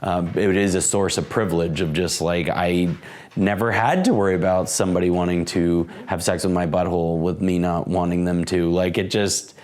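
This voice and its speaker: A man's voice: sits low, normal speed. A man in his forties co-hosting a casual podcast from home, rambling and correcting himself as he talks. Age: 40s. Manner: rambling, self-correcting, excitable. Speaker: podcast co-host. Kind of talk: casual chat. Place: at home, indoors. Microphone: camera microphone.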